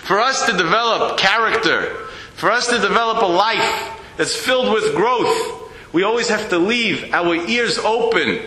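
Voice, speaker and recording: A man's voice: sits high, animated, measured pace, sharp tone. A man, a rabbi, giving a storytelling sermon and acting out the dialogue in his tale with animation. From United States. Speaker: rabbi lecturer. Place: synagogue hall. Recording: echoey hall.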